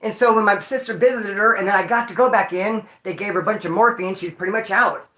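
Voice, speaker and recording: A man's voice: high-pitched, quick pace, bright, forceful tone, echoey room. A grieving man, talking casually to his livestream chat in a slangy, emotional way. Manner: slangy, emotional, addresses chat as homeboy and dude. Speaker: livestream host.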